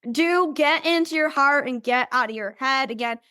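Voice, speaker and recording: High-voiced chatty woman coach. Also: moderate pace, pushed and bright, dry recording, clean studio sound. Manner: chatty, upbeat, says "right?" constantly; acts out invitees in bubbly voices. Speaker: business coach. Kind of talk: recorded coaching training.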